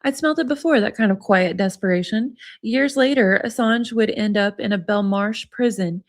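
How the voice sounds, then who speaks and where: A woman hosting a casual livestream, chatting with viewers and reading passages aloud from a book. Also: medium pitch. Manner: chatty, laughs often, reads passages aloud. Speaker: livestream host.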